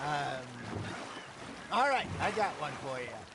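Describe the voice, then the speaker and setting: An actor playing a wry older outlaw who talks in a lively, dryly amused way. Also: male voice, on the high side, takes it slowly, heavy background noise. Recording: game audio over loud stream water.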